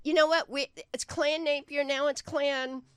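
A woman hosting a casual talk, loud and joking, swearing freely. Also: sits high, fairly even intonation, moderate pace, no room sound, studio quality. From Scotch-Irish heritage, US. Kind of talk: casual banter.

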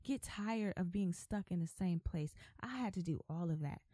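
A woman's voice: lowish voice, expressive, normal speed, dark tone, husky, no room sound. A woman hosting a faith podcast, talking emphatically and with repetition, like an exhortation. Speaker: podcast host.

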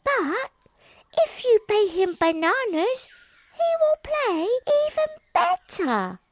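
A woman voicing a small, chatty, eager mouse in a storybook reading, with a squeaky, drawn-out voice. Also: sing-song, slight background noise, exaggerated voice.

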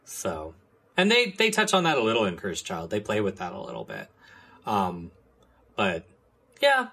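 A man's voice: on the low side, wildly swooping pitch, normal speed, gravelly, sharp tone, husky. A man co-hosting a podcast in casual chat, rambling with fillers and restarts. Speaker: podcast co-host.

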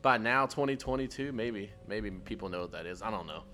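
A man's voice: on the low side, lively intonation, a little fast, sharp tone. A middle-aged man co-hosting a podcast, chatting casually, laughing often and rambling. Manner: laughs often, rambling, says dude a lot. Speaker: podcast co-host. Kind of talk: casual chat.

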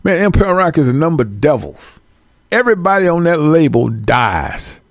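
Male vlogger, gravelly voice, dry close sound, animated profane comedic rant. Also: fairly high pitch, moderate pace, no echo. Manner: animated, profane, laughing between lines.

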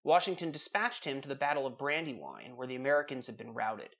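A man's voice: mid-range voice, lively intonation, fast talker, vocal fry, a bit bright, lo-fi sound. A man hosting a trivia podcast, chatting casually and reading out questions and facts in a dry way.

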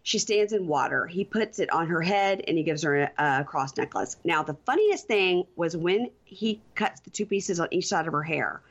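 A woman's voice: on the low side, expressive, moderate pace, few pauses, dull audio. A woman co-hosting a casual TV recap podcast, chatty and wry with mocking asides. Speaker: podcast co-host. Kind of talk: casual reality-TV recap chat.

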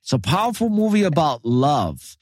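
A man in casual podcast conversation, retelling a film with animated, profane emphasis. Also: a little high, moderate pace, husky, no echo, clean studio sound.

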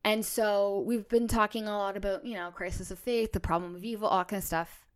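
A woman co-hosting a podcast, chatting casually and thinking out loud with enthusiasm. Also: medium pitch, steady tone, brisk, smooth. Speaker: podcast co-host.

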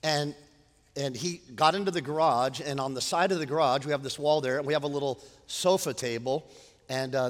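A man in his fifties preaching a sermon, animated, moving between quiet storytelling and loud preaching. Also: a little high, in a large hall. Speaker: pastor.

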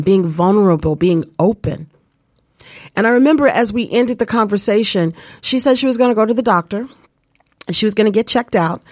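A woman's voice: mid-range voice, no echo, studio quality. A woman hosting a live spiritual coaching show, telling a personal story in an earnest, casual way and often speaking to listeners directly. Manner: earnest, addresses listeners as "you guys".

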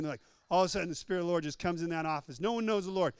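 A man delivers a joking sermon in a high, smooth, resonant voice. He repeats lines for emphasis and slips into other voices to act out little scenes. The sound is close and dry. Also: very fast, few pauses, dry recording. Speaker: preacher. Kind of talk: humorous sermon.

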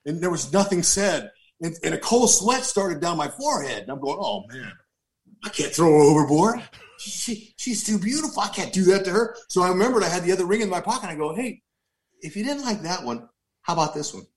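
A man giving a personal testimony, telling his story in an animated way with frequent repeats and restarts. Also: sits high, fast. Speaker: speaker giving a faith testimony.

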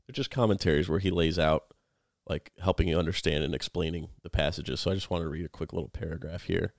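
Man, podcast co-host, earnest Bible chat, low voice, dry close mic. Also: steady tone, quick pace, no echo. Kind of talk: casual Bible study chat.

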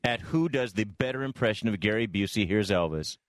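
A man's voice: on the low side, expressive, a little fast, no echo. A man co-hosting a casual podcast who tells rambling stories and repeats words as he gets going. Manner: rambling storyteller, repeats words when starting. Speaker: podcast co-host. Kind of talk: casual chat.

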